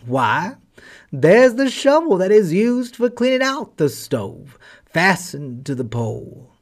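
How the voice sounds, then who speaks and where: A man voicing a hoarse old male yard dog that barks its warnings. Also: sits high, sing-song, slow, voice pushed up, full character voice. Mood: mournful. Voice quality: hoarse, barking.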